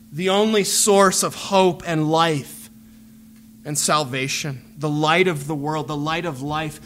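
Guy giving an earnest sermon, slow and pleading, kinda high voice. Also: a bit bright, slight background noise. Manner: earnest, measured pleading with repeated phrases. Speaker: preacher.

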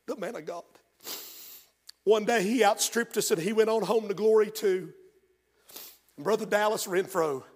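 A man preaching a sermon as pastor, moving from hushed storytelling to shouted, fervent praise. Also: sits high. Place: church sanctuary. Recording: long hall reverb of a church.

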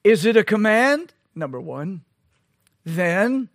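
Slow, emphatic high-voiced male pastor. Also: animated, dry recording, studio quality. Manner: emphatic, rhetorical questions, slow deliberate delivery. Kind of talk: sermon.

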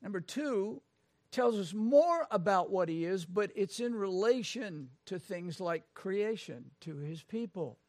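A man preaching a sermon, swinging from low conversational asides to loud, proclaimed passages. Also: animated, a little slow, no echo. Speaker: pastor.

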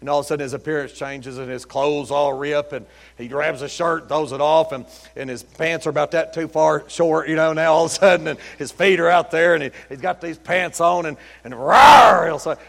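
High-voiced preacher in a reverberant hall. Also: male voice, steady tone, a little fast, vocal fry. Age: middle-aged. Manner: folksy storytelling, rising to loud emphatic peaks. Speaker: pastor. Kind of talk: sermon. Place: church sanctuary.

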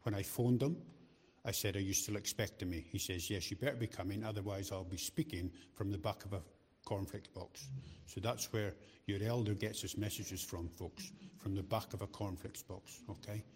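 A man's voice: lowish voice, steady tone, normal speed, darkish tone. A middle-aged man preaching a sermon in a chatty, joking way, often repeating words as he restarts his sentences. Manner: chatty, joking asides to the congregation. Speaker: lay preacher.

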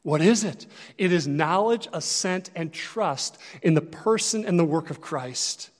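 A man preaching a sermon as pastor, earnest and conversational, rising and dropping in loudness to press his points. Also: on the high side, expressive, measured pace, long reverb tail.

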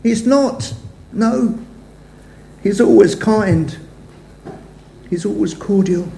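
Slow older preacher, echoey hall. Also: male voice, sits high, creaky. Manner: measured, phrases trailing off softly. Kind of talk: sermon.

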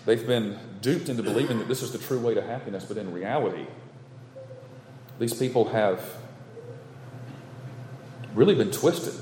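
A man's voice: mid-range voice, normal speed, pauses often, dark tone, slight background noise. Emphatic male preacher in an echoey hall. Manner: emphatic, repetitive preaching cadence. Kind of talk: sermon. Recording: echoey hall with long reverb.

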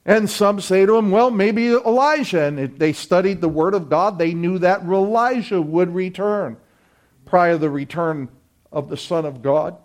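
A man preaches a sermon in a high, ringing voice. He leans hard on key phrases and draws them out. The congregation answers him throughout. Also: normal speed. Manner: emphatic preaching with call-and-response. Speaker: pastor.

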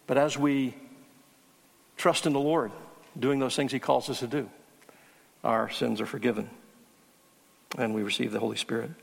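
A man's voice: medium pitch, fairly even intonation, moderate pace, vocal fry, pauses often, slightly rough, long reverb tail. A man preaching a teaching sermon, earnest and emphatic on key words. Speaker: pastor.

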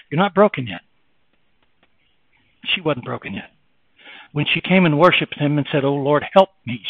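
A male preacher giving a sermon, reading scripture aloud and moving between hushed, low passages and raised, fervent preaching. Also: vocal fry, breathy edge, dry recording, phone-quality sound.

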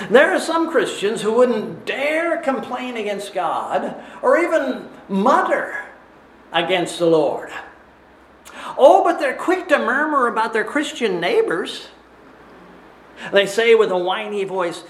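A man preaching a sermon in a measured, deliberate way, often asking rhetorical questions. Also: high voice, lively intonation, fairly bright tone, roomy sound.

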